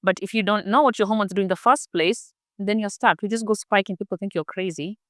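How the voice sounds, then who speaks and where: A woman's voice: mid-range voice, fast, fairly bright tone, no room sound, studio quality. A middle-aged woman, the guest expert in an interview, explaining health topics with everyday examples and acted-out inner thoughts. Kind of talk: conversational interview.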